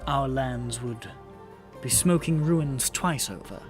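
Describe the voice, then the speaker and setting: A game master playing a regal fairy queen, her voice lowered and subdued, slow and measured with a dry, tired authority. Faint music sits behind her. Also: natural voice.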